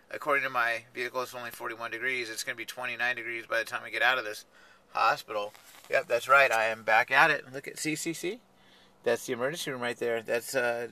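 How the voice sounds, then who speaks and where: Man in his forties, sharp tense tone, dry close sound; rambling vlogger cracking self-deprecating jokes from his car. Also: mid-range voice, dry recording, poor audio. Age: 40s. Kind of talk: rambling casual vlog. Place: inside his parked car at night.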